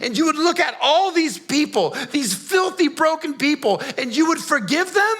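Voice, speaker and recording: Barabbas, a shaken and haunted man, played by a pastor in a church monologue, speaks in a strikingly high, bright and taut voice. He falls to grim hushed tones and then breaks into pleading, incredulous outbursts, gasping between phrases. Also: heavily acted. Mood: anguished, incredulous. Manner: swings from hushed near-whispers to raised, pleading outbursts; intense, breathy gasps between phrases. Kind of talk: dramatic first-person monologue.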